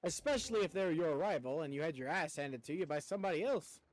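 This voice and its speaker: A male streamer talks through his game in loose, rambling commentary, tripping over his words and mocking himself. His voice sits high and swings widely in pitch. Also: expressive, fast talker. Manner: rambling, stammering, self-mocking. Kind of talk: casual gameplay commentary.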